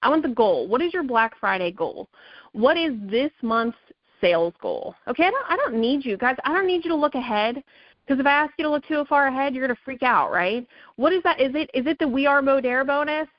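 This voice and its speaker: A woman's voice: high-pitched, expressive, fairly quick, no echo. Woman, sales team leader, motivational pep talk, emphatic and rallying, dry muffled call sound. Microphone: call or conference audio.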